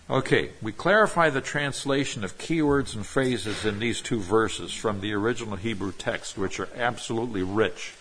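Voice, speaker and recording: A man with a husky voice preaches a verse-by-verse sermon. He presses hard on key words and slows right down to stretch them out, then settles back into a steady teaching tone. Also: lowish voice. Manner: emphatic, drawing out key words, explaining Hebrew terms. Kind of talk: expository sermon.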